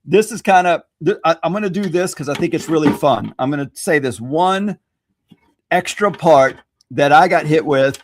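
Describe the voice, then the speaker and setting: A man from Louisiana, a social media expert guest, explaining strategy in an animated, self-deprecating way and laughing readily. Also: fairly high pitch, moderate pace, noisy background. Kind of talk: conversational teaching.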